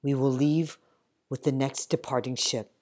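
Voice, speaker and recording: A woman's voice: a bass voice, fairly even intonation, measured pace, a little mellow. Woman reading a wounded, weary army captain. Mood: weary, grave. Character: wounded, feverish male army captain, commanding. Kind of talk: audiobook character reading.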